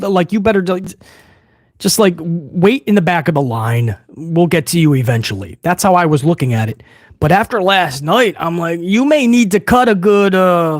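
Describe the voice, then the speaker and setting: A high-voiced man talks through a wrestling show recap, his pitch swinging up and down as he gets worked up. He is sarcastic, swears casually and trips over restarts, close on a dry microphone. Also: no echo. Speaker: wrestling commentary vlogger.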